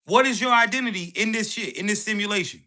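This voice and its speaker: A man's voice: high-pitched, quick pace, pushed and bright. A man hosting a motivational livestream, talking bluntly in street slang with lots of profanity and checking in with "right?" over and over. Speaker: livestream host.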